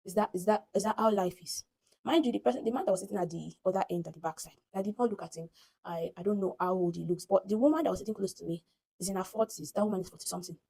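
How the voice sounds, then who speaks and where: A fast-talking Nigerian woman recounts a story into her phone in an animated, dramatic way. Her voice is husky and mellow, slightly dark in tone. She acts out each person she quotes. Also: mid-range voice, poor audio. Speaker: vlogger. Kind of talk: casual storytelling to camera.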